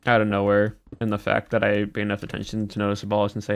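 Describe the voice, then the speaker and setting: A man with a somewhat low voice chats casually on a live stream. He rambles a little and restarts his sentences as he responds to viewers. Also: monotone, quick pace, clear, resonant tone. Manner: chatty and rambling. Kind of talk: casual stream chat, answering chat.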